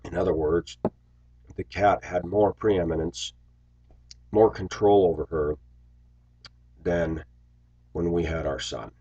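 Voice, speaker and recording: Blunt deep-voiced man. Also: fairly even intonation, slow, pauses often, dark tone, husky, dry recording, highs cut off. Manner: blunt, opinionated, acts out quotes. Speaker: video commentator. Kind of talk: opinionated monologue to viewers.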